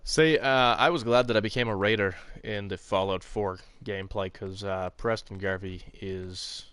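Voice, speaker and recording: A man's voice: on the low side, fairly even intonation, moderate pace, fairly bright tone, smooth, no echo. A man casually commenting on a live game stream, rambling with fillers, chatting with viewers by name and swearing now and then. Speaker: gaming streamer.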